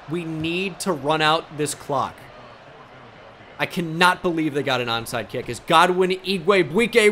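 Commentating on his own video game, a young male YouTuber swings from mock sports-style narration to bursts of frustration. His voice is a little high, and there's background noise.

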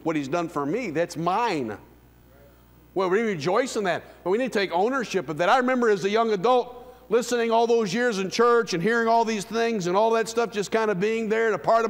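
Casting note: fifty-year-old male pastor, very high voice, preaching with big swings from quiet murmurs to ringing shouts. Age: 50s. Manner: swings from hushed low lines to loud high calls. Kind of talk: sermon. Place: church sanctuary. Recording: long hall reverb.

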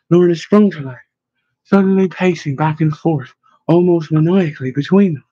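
A man with a husky, somewhat high voice tells the story in a steady, even way. The read is close and dry, with a slightly muffled recording. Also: normal speed, no room sound. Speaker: audiobook narrator. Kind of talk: audiobook narration.

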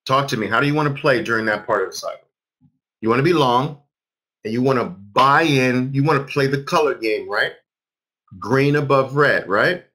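A man's voice: mid-range voice, normal speed, sharp tone, breathy edge. A man in his fifties teaching a live trading class, emphatic, repeating phrases and quizzing his audience. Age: 50s. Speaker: trading instructor.

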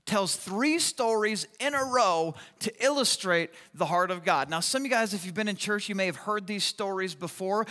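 A man preaching a sermon, telling a personal story in an animated, chatty way with lots of fillers. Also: sits high. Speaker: pastor. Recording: long hall reverb.

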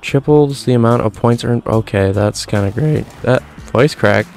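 A man's voice: mid-range voice, moderate pace, a little mellow, soft background music. A man in his twenties giving casual, jokey gameplay commentary, tossing in "folks" and "quite frankly" as he rambles. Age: 20s. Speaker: gaming commentator.

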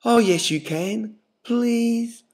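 Guy doing a needy boyfriend begging, slow and whiny. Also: very high voice, pitched above the performer's own voice, exaggerated voice. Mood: coaxing. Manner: coaxing, begging. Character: pleading young man, pushy boyfriend.

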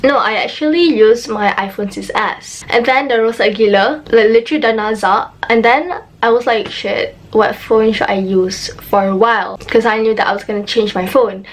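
A bubbly young woman with a Malaysian accent talks straight to her viewers, fast and excitable. Her voice sits a little higher than most women's. She chats casually and slips Malay words into her English. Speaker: YouTuber. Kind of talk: casual vlog chat.

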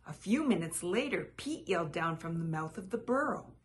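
A woman reading a children's picture book aloud as a channel host, with lively, expressive storytelling. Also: on the low side, moderate pace, hardly any pauses, slight background noise.

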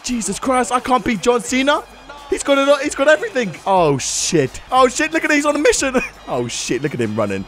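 A young man giving excitable, laughing commentary while playing a wrestling video game. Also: extremely high pitch, a little fast, faint music behind. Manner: loud, laughing, swings between shouts and mumbles. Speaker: gaming YouTuber.

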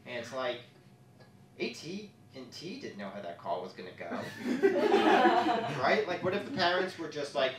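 A man doing a stand-up comedy set on stage, quick and jokey, breaking into silly put-on voices. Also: medium pitch, expressive, crowd noise. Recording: echoey hall, from a distance.

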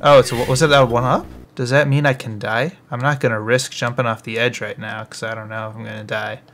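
A young man casually commenting on his own gameplay as a let's play host, chatty and quick to react. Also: mid-range voice. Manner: excitable, chatty, reacts loudly to the game. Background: game music.

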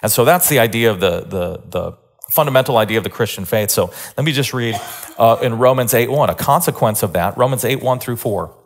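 A man giving a sermon-style lecture, earnest, often repeating words and pushing his voice up and louder to stress a point. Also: expressive, brisk. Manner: earnest, builds emphasis with rising pitch and volume.

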